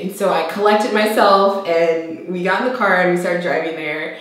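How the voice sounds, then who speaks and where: A young woman vlogger telling a personal story to camera in a casual, chatty way, jumping up high when she acts out quoted lines. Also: fairly even intonation, fairly quick, hardly any pauses. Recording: very echoey room.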